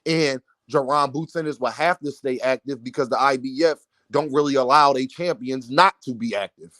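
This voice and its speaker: A man's voice: mid-range voice, moderate pace, fairly bright tone, dry recording. A man giving opinionated boxing commentary, talking emphatically and straight to his viewers.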